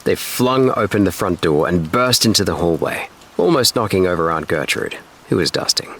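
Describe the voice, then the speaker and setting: A man reading a classic adventure novel aloud as a calm, steady bedtime story. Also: deep voice, husky. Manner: slow, steady, soothing. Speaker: narrator.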